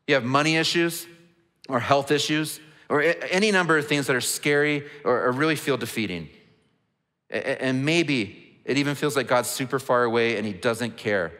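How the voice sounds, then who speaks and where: Bright-voiced pastor preaching in a hall. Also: male voice, medium pitch. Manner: earnest, conversational, repeats words as he restarts. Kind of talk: sermon. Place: large church auditorium. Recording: long reverb of a large hall.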